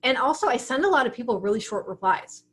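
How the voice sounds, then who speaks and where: A woman's voice: a little high, big pitch swings, fast, fairly bright tone. Chatty woman teaching a writing class. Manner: chatty, frank, often acts out her own thoughts. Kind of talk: casual livestream class talk.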